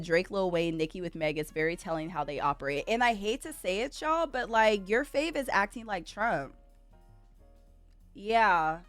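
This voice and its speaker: Woman host, casual stream rant, rhetorical and animated, dry close mic. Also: medium pitch, no room sound. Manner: animated ranting, rhetorical questions.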